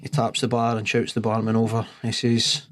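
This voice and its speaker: Guy telling a pub joke, dry close sound, middle pitch. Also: completely flat delivery, fairly quick, fairly bright tone, no room sound. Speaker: podcast co-host.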